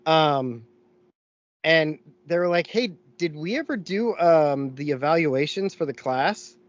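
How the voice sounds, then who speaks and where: A man telling a story in casual podcast chat, animated and full of swearing and laughs. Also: on the high side, slow pace, no echo, dull audio. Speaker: podcast co-host.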